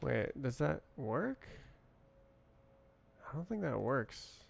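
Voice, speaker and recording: A man thinking aloud as he works through code on a live stream, muttering to himself in halting fragments. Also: medium pitch, very animated, creaky, slightly rough. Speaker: programmer streaming live coding. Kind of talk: thinking aloud while coding.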